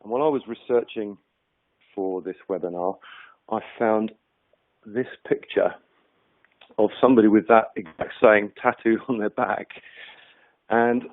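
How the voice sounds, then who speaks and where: A man's voice: lowish voice, measured pace, long pauses. Man presenting a webinar, phone-like sound. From United Kingdom. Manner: conversational, hesitant, frequent fillers and restarts. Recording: tinny phone-like webinar audio.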